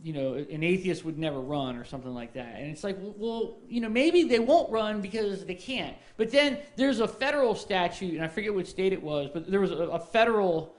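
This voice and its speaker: Halting, rambling man on a podcast. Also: high voice. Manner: rambling, halting storytelling with many fillers. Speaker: podcast co-host. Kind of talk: casual podcast chat.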